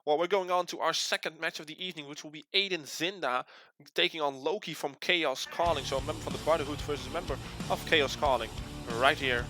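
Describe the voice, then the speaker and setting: A man doing play-by-play wrestling commentary, lively and teasing with his co-host. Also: on the high side, brisk. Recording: loud music behind.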